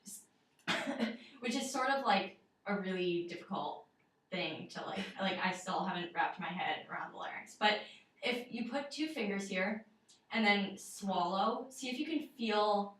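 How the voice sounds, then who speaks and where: A woman's voice: mid-range voice, lively intonation, measured pace, a bit bright. A young woman giving a one-on-one singing lesson, explaining in a casual, chatty way with many fillers. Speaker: voice teacher. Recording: roomy echo, mic far off.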